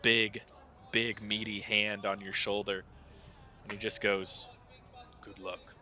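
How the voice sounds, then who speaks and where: A man narrating as game master in a relaxed, chatty way. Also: on the low side, takes it slowly.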